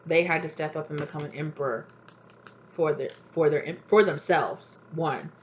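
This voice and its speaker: A woman's voice: low voice, moderate pace, lo-fi sound, slight background noise. A woman giving a casual, rambling tarot reading at home, full of fillers. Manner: chatty, rambling, many fillers. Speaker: tarot reader.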